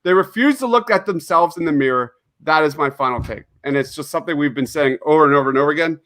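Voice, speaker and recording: A man's voice: a little high, quick pace, fairly bright tone, no room sound. A man co-hosting a sports podcast, ranting in an exasperated, emphatic way. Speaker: podcast co-host. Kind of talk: opinionated sports podcast rant.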